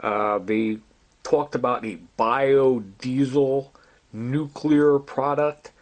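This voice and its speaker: A man's voice: medium pitch, steady tone, drawn-out words. A man telling a long, rambling story in an agitated way, often quoting other people's words. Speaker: storyteller recounting personal grievances. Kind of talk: rambling recorded monologue.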